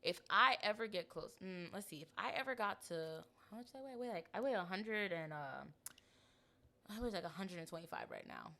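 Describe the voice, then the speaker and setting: Blunt animated young woman, bright voice. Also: lowish voice, brisk, creaky. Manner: blunt, animated, slangy, laughs often. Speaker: podcast co-host. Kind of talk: casual chat.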